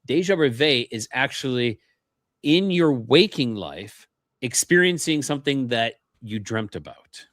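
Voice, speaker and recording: A man's voice: medium pitch, very animated, measured pace, fairly bright tone, dry recording, clean studio sound. Earnest Canadian-born man telling a story. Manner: earnest storyteller who acts out remembered dialogue. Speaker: podcast guest. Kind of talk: casual storytelling interview.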